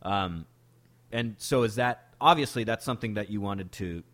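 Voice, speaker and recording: Casual male podcast host from the Pacific Northwest, lower voice, loose rambling delivery. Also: normal speed. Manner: relaxed, rambling with many fillers. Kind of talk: casual chat.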